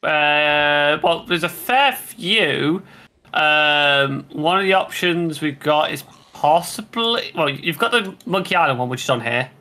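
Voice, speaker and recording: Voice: medium pitch, expressive, slow, sharp tone. A co-player chatting casually and explaining game menus with many hesitations. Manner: helpful, explaining, hesitant with fillers. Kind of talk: casual gameplay chat.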